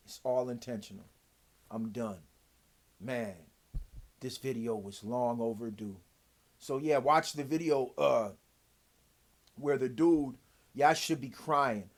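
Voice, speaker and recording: Man, vlogger, casual rant, profane, heated, dry throat, medium pitch. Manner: profane, heated, swings from loud to low.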